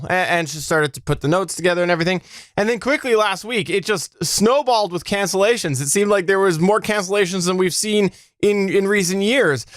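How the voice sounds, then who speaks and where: A man's voice: high-pitched, a bit bright, no room sound, clean studio sound. Upbeat joking male podcast host. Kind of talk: casual chat.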